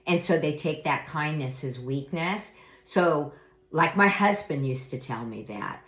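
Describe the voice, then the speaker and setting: A middle-aged woman giving earnest, reflective life advice in an unhurried monologue, now and then acting out example phrases. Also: low-pitched, lively intonation, fairly bright tone. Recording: echoey room.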